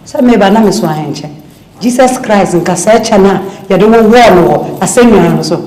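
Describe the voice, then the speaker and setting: A woman's voice: mid-range voice, lively intonation, normal speed, mellow, slight background noise, lightly acted. An actress with a Ghanaian accent, playing a quarrelsome woman who scolds and insults. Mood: scolding. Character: scornful, quarrelsome adult woman. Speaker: actress in a film. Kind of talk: film dialogue. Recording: echoey room with film music.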